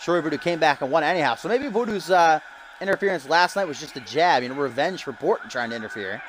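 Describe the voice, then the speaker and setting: In a poor recording, a man with an expressive, slightly bright, high-leaning voice does play-by-play wrestling commentary. He hypes the match by drawing out dramatic rhetorical questions.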